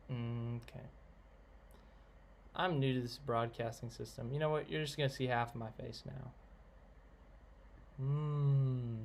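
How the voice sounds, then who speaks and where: A man chatting casually on a live stream, answering viewers and giving blunt opinions in a rambling way. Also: mid-range voice. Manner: rambling, opinionated, reads out chat names.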